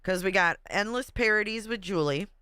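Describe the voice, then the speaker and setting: Chatty host with a smooth, dry voice. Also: mid-range voice, moderate pace, bright, forceful tone, no echo. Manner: chatty, laughs often, reads comments aloud. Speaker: livestream host. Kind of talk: casual livestream chat reading viewer comments.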